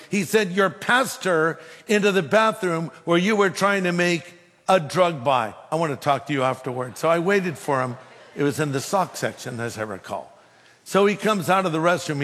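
A man preaching a sermon, telling a humorous personal story in an animated way. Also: on the high side, in a large hall. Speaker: pastor.

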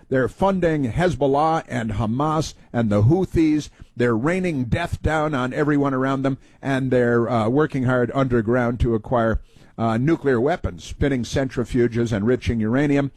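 A man's voice: medium pitch, a little mellow, dry recording. A man hosting a talk show, giving sarcastic, rambling political commentary with many fillers. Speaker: talk radio host.

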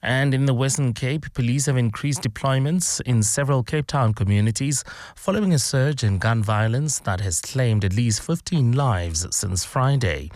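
A man reading the news as anchor in a steady, formal delivery. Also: medium pitch, moderate pace.

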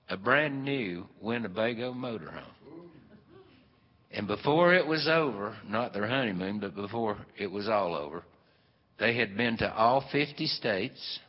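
Folksy older storyteller. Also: male voice, medium pitch. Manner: rambling, folksy, with many fillers. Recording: long hall reverb, dull lo-fi sound.

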